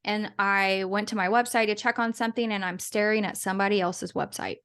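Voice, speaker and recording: A woman's voice: medium pitch, a little fast, fairly bright tone, smooth. A woman guest in a casual interview, talking in a chatty, rambling way with frequent restarts and small laughs. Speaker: guest, business owner and podcaster.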